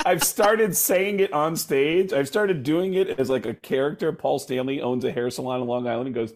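A man's voice: on the high side, normal speed, vocal fry, darkish tone. A man hosting a casual chat, rambling with lots of fillers and laughs.

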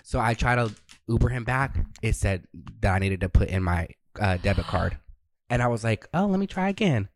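A male podcast co-host spinning a story in loose, casual chat, peppered with swearing and quick impressions of the people involved. His voice sits at an ordinary pitch, recorded close and dry with no room sound. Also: dry recording. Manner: profane, animated storyteller who acts out quotes.

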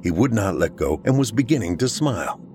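A man narrating a horror story for a podcast in a steady storytelling manner. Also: fairly low pitch, a little fast, soft background music.

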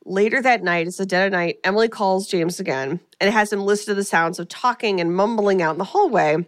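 A woman's voice: mid-range voice, a little fast, no echo, clean studio sound. A woman co-hosting a podcast, recapping a film in a rambling, casual way with lots of fillers. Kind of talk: casual chat.

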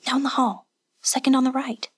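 A woman's voice: high-pitched, little pitch movement, moderate pace, breathy edge, voice pushed up. A woman voicing a jumpy male innkeeper. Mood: nervous whisper. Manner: hushed, anxious, polite. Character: nervous male village innkeeper, eager to please. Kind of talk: audiobook narration.

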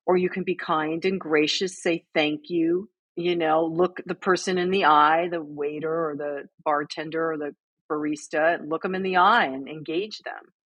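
Middle-aged american woman, husky voice, dry close sound, lively storyteller. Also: sits low, moderate pace, dry recording, muffled recording. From United States. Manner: animated storyteller, acts out quotes. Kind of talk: casual chat.

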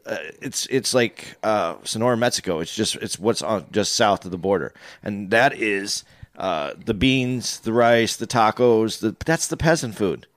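A man's voice: fairly low pitch, a little slow, no room sound, studio quality. A man co-hosting a podcast in casual chat, earnest and stumbling as he starts sentences. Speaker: podcast co-host.

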